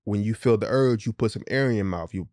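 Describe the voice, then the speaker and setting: A man's voice: fairly low pitch, fast, darkish tone, dry recording, studio quality. A middle-aged man co-hosting a podcast, candidly telling a personal story in casual, profane speech and acting out the voices of the people in it. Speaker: podcast co-host.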